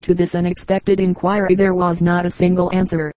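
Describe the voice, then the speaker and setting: A woman narrating an audiobook with a steady, even reading style. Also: lowish voice, a little fast, dry recording, rough recording. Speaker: audiobook reader. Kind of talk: scripted narration.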